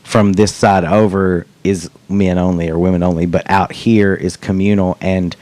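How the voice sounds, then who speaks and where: A man's voice: low voice, little pitch movement, normal speed, mellow, dry recording. A middle-aged man hosting a podcast, chatting casually, rambling and joking with plenty of swearing. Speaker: podcast host. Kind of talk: casual chat.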